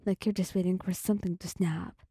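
A woman voicing a cocky, sarcastic young man with a dark edge, in a soft whispered role-play. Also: fairly low pitch, level tone, brisk, husky, no room sound, studio quality. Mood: scornful. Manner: scoffing, sarcastic.

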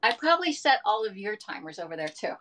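A woman's voice: mid-range voice, sing-song, fast talker, pushed and bright, a little hiss or hum. A middle-aged woman in casual live-stream chat, rambling and chatty as she talks to viewers from her home kitchen.

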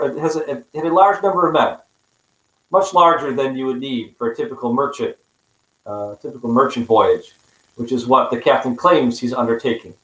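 A man giving a public history talk with slides. He speaks haltingly, with many fillers and restarts, and drops in wry, self-mocking asides. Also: mid-range voice, a bit bright, reverberant, low-quality recording. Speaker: history presenter.

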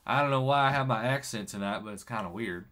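A fast-talking man with a medium-pitched voice hosts a relaxed mobile gaming stream. He laughs a lot, sounds excited, and keeps reading the chat aloud.

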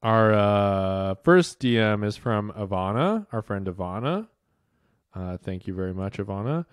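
Low-voiced man hosting a podcast. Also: measured pace, smooth, no room sound, clean studio sound. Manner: relaxed and amused, reads messages aloud. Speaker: podcast co-host. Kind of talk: casual chat, reading listener messages.

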